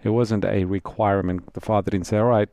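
A man co-hosting a call-in radio Bible program, reflecting on scripture in a warm-hearted way. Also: lowish voice, fairly even intonation, a little fast, no echo, clean studio sound.

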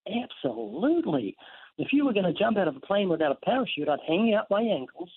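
A man speaks as a guest author, preaching with earnest conviction and painting vivid scenes. His voice sits a little high. It comes through a thin, tinny phone line. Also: big pitch swings, a little fast, vocal fry, breathy edge. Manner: earnest, vivid storytelling with scripture quotes. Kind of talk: evangelistic preaching in an interview.

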